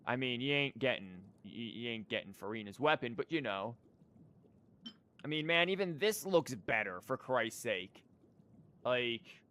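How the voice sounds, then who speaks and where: A man's voice: mid-range voice, a bit bright. Rambling casual gaming streamer guy. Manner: rambling, filler-heavy, candid.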